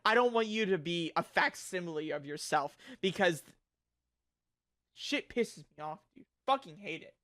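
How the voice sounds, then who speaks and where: A young man streaming a reaction video, ranting with lots of swearing and frequent shouting. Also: sits high, lively intonation, moderate pace. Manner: loud, profane, frequently shouting.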